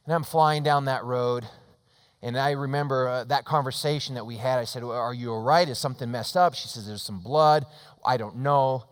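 Man, middle-aged, pastor, sermon, storytelling, shifts from loud to hushed, long church-hall reverb. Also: mid-range voice, moderate pace. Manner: storytelling with swings between loud emphasis and hushed tones. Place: church sanctuary.

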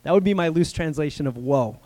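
Male pastor, high voice, lively casual sermon with bursts of shouting. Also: brisk. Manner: energetic, conversational preaching with rising shouts.

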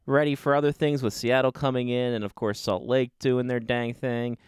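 A man's voice: mid-range voice, clear, resonant tone, no room sound, studio quality. A man co-hosting a sports talk show, joking and bantering casually. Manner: joking, animated, quick to banter. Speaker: podcast co-host.

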